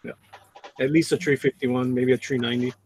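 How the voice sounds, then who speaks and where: A man's voice: mid-range voice, flat delivery, brisk, a little mellow, breathy edge. A man hosting a casual live stream, laughing often and reading out chat comments.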